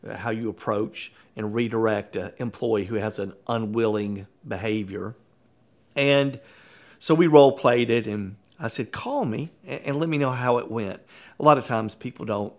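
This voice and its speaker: Brief: animated male consultant telling a workplace story, gravelly, chuckling, average pitch. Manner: animated, conversational, chuckles often. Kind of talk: storytelling talk.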